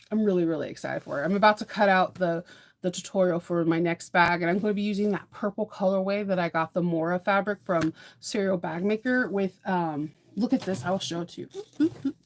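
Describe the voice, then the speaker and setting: A woman, chatting casually to her viewers in a sewing vlog, laughing often and repeating words as she restarts. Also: mid-range voice. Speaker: sewing and bag-making vlogger.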